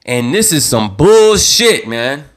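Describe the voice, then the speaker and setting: A young man hosting his own live show, giving impassioned commentary in a heated, worked-up voice, repeating himself and stumbling over restarts as he gets louder. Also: a little high, big pitch swings, slow. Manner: heated, repetitive, stammering restarts, rising to near-yelling. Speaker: vlog host.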